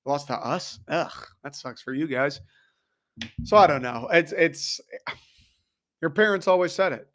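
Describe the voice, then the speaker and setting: A man's voice: a little high, expressive, a little slow, long pauses, a bit bright. A young man in his twenties hosting a casual sports podcast, ranting, swearing and laughing as he goes. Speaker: podcast host.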